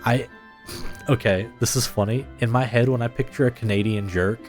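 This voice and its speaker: A man's voice: medium pitch, fairly even intonation, normal speed, a little mellow, faint music behind. A man streaming a game live, chatting casually with viewers in a laid-back way and laughing often.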